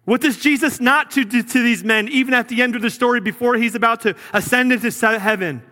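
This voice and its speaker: A man preaching a sermon as pastor, earnest, sometimes dropping low and quiet for emphasis. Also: fast talker, in a large hall.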